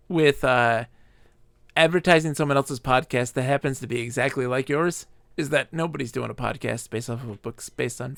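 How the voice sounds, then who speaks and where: A man's voice: medium pitch, creaky, fairly bright tone, no echo, studio quality. A drunk man streaming a game live, rambling and giggling as he talks, sometimes squealing and sometimes murmuring. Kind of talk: live gameplay commentary.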